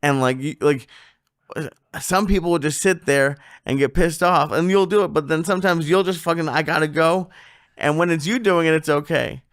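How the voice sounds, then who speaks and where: A man co-hosts a casual podcast chat in a high voice with some gravel in it. He laughs often and keeps adding teasing remarks. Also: normal speed, a bit bright. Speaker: podcast co-host.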